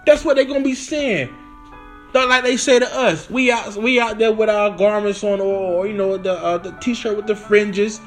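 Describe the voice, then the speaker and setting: A man preaching on scripture, reading verses slowly, then explaining them in loose street slang. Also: high voice, soft background music. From Florida.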